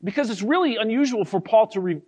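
High-voiced man preaching a Bible sermon. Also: animated, darkish tone, highs cut off. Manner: careful, explanatory teaching with scripture quotes read slowly. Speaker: pastor. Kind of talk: expository sermon.

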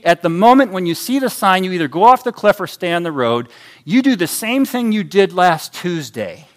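A man preaching a sermon, animated, acting out voices in his illustrations. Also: high voice.

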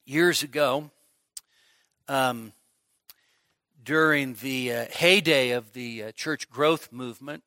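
A man's voice: medium pitch, takes it slowly, pauses often, pushed and bright, no room sound, studio quality. A middle-aged man preaching an expository sermon at a midweek church service, emphatic, often repeating words as he builds a point. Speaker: pastor.

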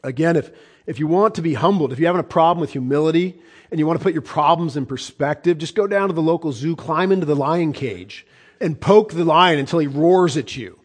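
A male pastor preaches emphatically, using rhetorical questions and repetition and swinging between hushed and loud. His voice is a little high and husky, and his pace is brisk.

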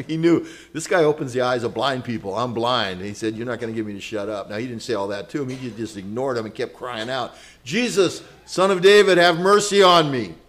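A man preaching a sermon in an earnest, conversational way, moving between loud exclamations and hushed storytelling with casual asides. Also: medium pitch. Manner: conversational asides with fillers and chuckles.

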